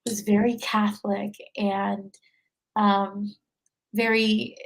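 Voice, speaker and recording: A woman's voice: mid-range voice, level tone, slow, creaky, poor audio. A young woman in her twenties, a podcast guest, talking casually with many fillers and frequent laughs. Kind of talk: casual conversation.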